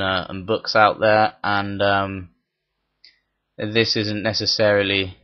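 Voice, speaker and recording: A man giving rambling gameplay commentary, thinking aloud as he plays and dropping crude, jokey asides. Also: mid-range voice. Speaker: gaming channel host. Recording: dull lo-fi mic.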